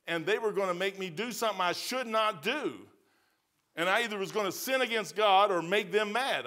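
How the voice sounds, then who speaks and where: A man's voice: high voice, sharp tone. A male pastor with a Midwestern American accent, preaching a verse-by-verse sermon in a folksy, emphatic way with colloquial phrasing. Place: church sanctuary.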